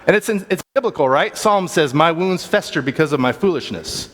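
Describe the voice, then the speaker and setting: A man's voice: on the high side, expressive, brisk, a bit bright. A man teaching a church Bible class in a casual, plain-spoken way, thinking aloud as he goes. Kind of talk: conversational Bible class talk. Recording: long hall reverb.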